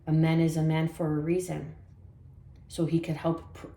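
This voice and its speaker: A woman from Canada giving a spiritual tarot reading in a soft, meandering way, with many fillers and affirmations. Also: sits low, little pitch movement, moderate pace, echoey room, slight background noise. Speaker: tarot reader.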